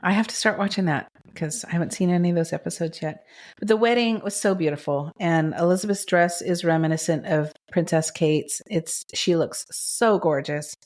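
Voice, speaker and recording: This podcast co-host's voice sits on the low side and is a little mellow, moving at a moderate pace. She chats casually about a TV drama, recapping it with gushing, emotional enthusiasm.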